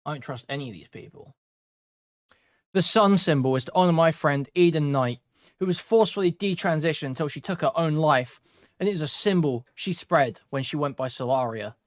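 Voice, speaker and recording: A man reacting to online posts in a loud, animated commentary style, swearing freely as he goes. His voice sits a little high for a man. He is recorded on a studio mic in a room with sound deadening. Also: brisk. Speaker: commentary host.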